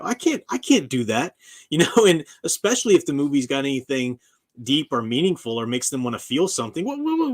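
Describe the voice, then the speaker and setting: Animated professor chatting on a livestream. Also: male voice, a little high. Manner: animated, emphatic, laughs at his own remarks. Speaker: university professor and channel host. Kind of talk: casual livestream chat.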